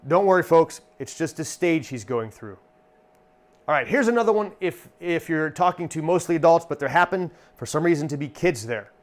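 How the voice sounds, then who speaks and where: Speaking casually, a magician and stage performer teaches his craft and illustrates it by performing comic one-liners. He is a man with a fairly high voice.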